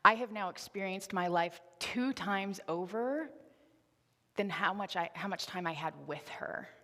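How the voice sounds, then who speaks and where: A woman's voice: mid-range voice, measured pace, fairly bright tone. A woman in her twenties giving a candid, conversational sermon with a personal story in a church. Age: 20s. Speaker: preacher. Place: church sanctuary. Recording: reverberant church hall.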